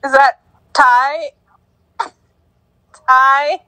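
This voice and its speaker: A woman's voice: sits high, steady tone, very slow, bright, forceful tone, no echo, poor audio. A young woman co-hosting a casual podcast, giggling as she stumbles over names. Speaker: co-host giving sports news.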